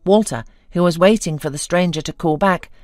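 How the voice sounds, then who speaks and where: Low, dry woman narrator. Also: fairly quick, a little mellow, no room sound. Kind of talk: scripted story narration.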